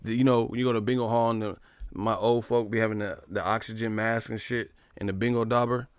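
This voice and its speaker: A man's voice: fairly low pitch, level tone, quick pace, clear, resonant tone, no echo, studio quality. A man telling a profane, rambling comic story in casual slang. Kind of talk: casual comedic storytelling monologue.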